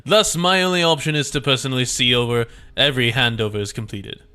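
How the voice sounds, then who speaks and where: A man's voice: medium pitch, fast talker, sharp tone, clean tone, natural voice. A man voicing a suave villainous male factory overseer in a put-on French accent, in a pompous manner. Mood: smooth, menacing.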